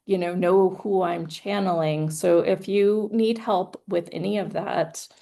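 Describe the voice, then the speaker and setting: Woman, gravelly, lower voice, chatty, self-amused, casual online talk. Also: steady tone, a little slow, dark tone. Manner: chatty and self-amused, laughing between thoughts. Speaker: guest speaker, hypnotherapist and author. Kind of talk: casual online presentation and chat.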